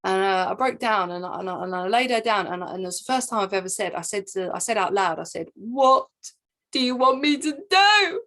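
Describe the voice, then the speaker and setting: A woman, a spiritual teacher, telling her own story in an excited, rambling monologue full of repeats and asides. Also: medium pitch, quick pace, few pauses. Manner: excitable, repeats herself, jumps between asides.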